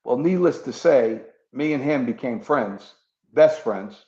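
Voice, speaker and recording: Gravelly ex-cop telling his testimony. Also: medium pitch, expressive, a little slow, darkish tone. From New York. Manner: earnest storytelling, acts out quoted dialogue. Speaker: guest, former police officer turned preacher. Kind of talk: personal testimony in an interview. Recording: muffled echoey room.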